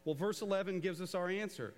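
A man preaching a sermon to a church congregation, animated and conversational, drawing the crowd into call-and-response. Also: sits high, fast, big-room sound. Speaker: pastor. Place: large church auditorium.

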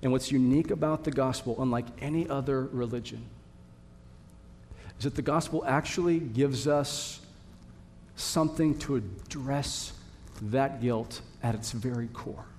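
Slightly slow and darkish in tone, a pastor's mid-range voice carries an earnest sermon that builds to emphatic repetition before his congregation. He is in a church sanctuary, with long hall reverb and a little hiss or hum on the recording.

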